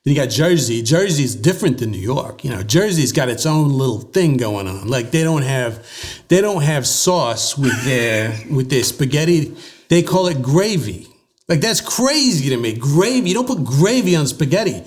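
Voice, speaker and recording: An American man with a medium voice tells animated stories in an easygoing conversation. He loops back and restarts often, with plenty of fillers. He sounds like a working voice-over artist chatting about his craft. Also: mid-range voice, moderate pace. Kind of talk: casual interview chat.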